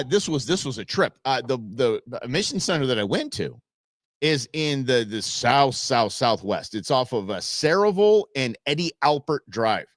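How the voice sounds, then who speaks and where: Animated man with a lively voice. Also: medium pitch, no echo, studio quality. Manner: animated storytelling, chatty and expressive. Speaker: livestream show host. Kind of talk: casual livestream chat.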